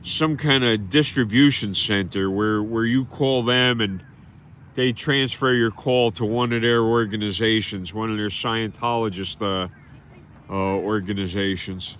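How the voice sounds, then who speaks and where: A man's voice: fairly low pitch, steady tone, measured pace, a bit bright, slight background noise. A man hosting a livestream, ranting bitterly and scornfully and repeating himself in a rambling monologue. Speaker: livestream host.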